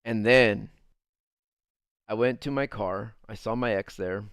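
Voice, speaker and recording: A man's voice: on the low side, slow pace, fairly bright tone, clean tone, no echo, studio quality. A young man streamer telling a personal story in casual chat, rambling with lots of fillers and the odd swear. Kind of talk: casual storytime while gaming.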